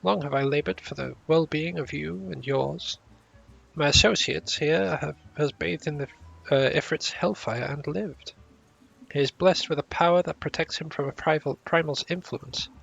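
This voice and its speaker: A man's voice: fairly high pitch, moderate pace, gravelly, fairly bright tone, husky, muffled recording, exaggerated voice. A man playing a proud young fantasy scholar. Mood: earnest. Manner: formal old-fashioned speech, stumbles over words.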